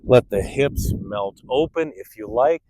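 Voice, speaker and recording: A man's voice: mid-range voice, lively intonation, a little slow, mellow, a little hiss or hum, rough recording. A middle-aged man leading a guided stretching class, upbeat and chatty, sighing through the stretches. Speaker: fitness instructor. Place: outdoors under open sky.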